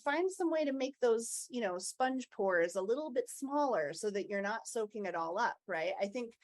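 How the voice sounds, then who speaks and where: A woman's voice: on the high side, lively intonation. Chatty, reflective woman co-host. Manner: open, reflective and chatty, quick to laugh. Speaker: podcast co-host, agile coach. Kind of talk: casual chat.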